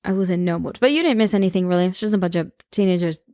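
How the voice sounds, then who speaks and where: A woman's voice: lowish voice, rapid-fire, mellow, no room sound, studio quality. A woman guest on a podcast, telling a personal story in casual conversation and acting out the people she quotes.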